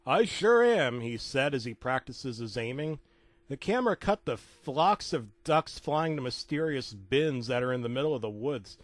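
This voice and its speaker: A man narrating a comedic creepypasta with rambling deadpan asides and stumbling restarts. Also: mid-range voice, moderate pace, no echo.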